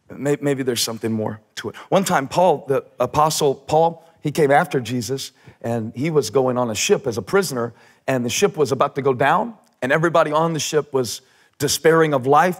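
A man preaching a sermon on a church stage, animated, shouting for emphasis and tossing in joking asides. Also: mid-range voice. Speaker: pastor.

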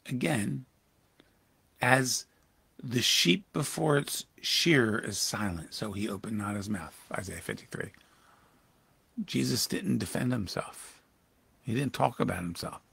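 A man's voice: on the low side, animated, a little slow, creaky, pauses often, a bit bright, breathy edge, no echo. A pastor reading scripture aloud and commenting on it in a devotional Bible teaching, with sudden emphatic rises in his voice. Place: church livestream.

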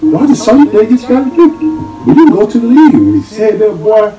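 A middle-aged man telling a story in an animated way, acting out the voices of the people in it and swearing freely. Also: sits high, fast, a crowd in the background. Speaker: podcast guest telling a story. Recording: roomy clip audio with music under it.

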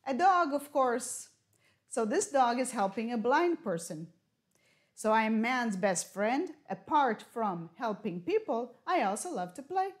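Woman teaching English slowly. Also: a little high, big pitch swings. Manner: slow, clear teacher talk with riddles and Hebrew glosses. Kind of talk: broadcast classroom lesson.

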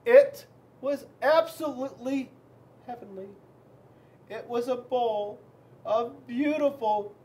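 A man, a police officer, reading a children's storybook aloud in an expressive, dramatic way with big swings in loudness. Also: high-pitched.

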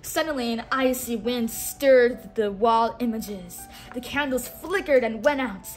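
High-pitched lady reading a story aloud, expressive, gets the kid to repeat words. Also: measured pace, faint music behind. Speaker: storybook reader. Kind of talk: read-along storytelling for a child.

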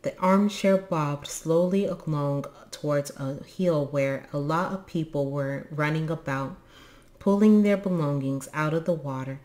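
A woman reading a children's book aloud in an expressive, lively way. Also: deep voice, unhurried. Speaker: storybook reader.

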